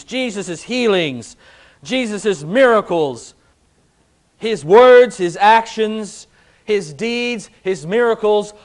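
A man preaching a sermon as pastor, slow and emphatic, building on repeated rhetorical questions. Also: on the high side.

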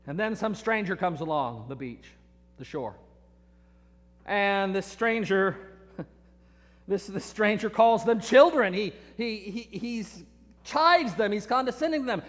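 A man's voice: sits high, lively intonation, unhurried, pauses often, long reverb tail. A man preaching a sermon, telling stories in an earnest way and often repeating his words. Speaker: pastor.

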